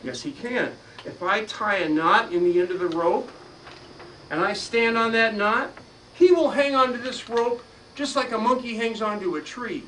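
A man's voice: sits high, moderate pace, fairly bright tone. Playful man performing a magic trick live. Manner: playful, teasing call-and-response with the audience. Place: magic store lecture room, indoors. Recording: distant mic with noisy live room.

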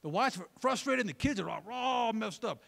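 Male pastor, sermon, animated pitch swings, loose and joking with the congregation. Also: a little fast, vocal fry. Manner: conversational, joking, asks the crowd for replies.

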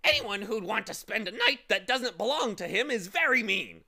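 A man voicing a dirty, malicious bird that shrieks high and twists every word. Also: sing-song, moderate pace, vocal fry, sharp tone, full character voice. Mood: haughty. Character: filthy malicious cackling bird, shrieking and haughty.

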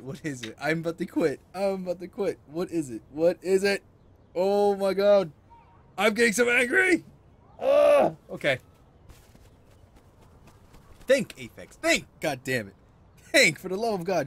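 A young man narrating his own gameplay, frustrated, cursing and muttering to himself. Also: a little high. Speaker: gaming streamer. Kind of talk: let's-play commentary.

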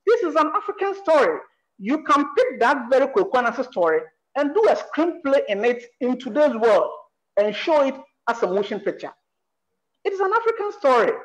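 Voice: high-pitched, sing-song, a little fast, poor audio. A screenwriter from Ghana with a Ghanaian accent, talking on a panel in an emphatic way and asking rhetorical questions. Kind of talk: panel discussion.

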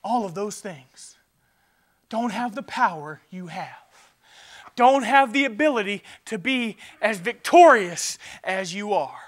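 A male pastor preaching a sermon with passion, swinging from loud urgency to quiet and often stammering and restarting. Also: high-pitched, expressive, slow pace.

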